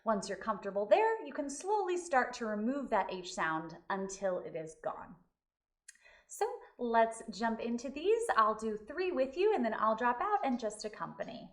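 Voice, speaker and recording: A woman voice teacher giving a vocal lesson, explaining clearly and singing short demonstrations. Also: a little high, very animated, normal speed, far from the mic.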